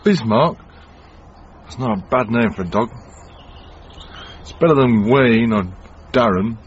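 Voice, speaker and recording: An actor playing a laconic young nephew who answers in short, deadpan replies in a radio drama. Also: male voice, medium pitch, measured pace, slight background noise, natural voice. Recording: muffled radio broadcast.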